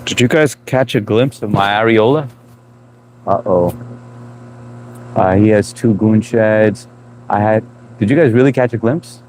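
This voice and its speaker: Chatty low-voiced man with a slight Indian lilt. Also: unhurried, pauses often, a little hiss or hum, poor audio. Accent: mix of Indian and New England. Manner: relaxed, chatty, laughs often, trails off in restarts. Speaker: livestream host. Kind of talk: casual live-stream chat reading comments.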